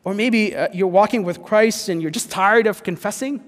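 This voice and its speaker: A man preaching a sermon as pastor, earnest, dropping to a hush and then rising to emphatic points. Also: high-pitched, normal speed, long reverb tail. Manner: earnest, swings between hushed and emphatic.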